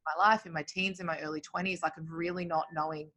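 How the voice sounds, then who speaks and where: A woman's voice: sits low, fairly even intonation, quick pace, bright, forceful tone. A woman talking openly as a guest in a casual conversation, reflective, with many filler words. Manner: open, reflective, heavy use of filler words.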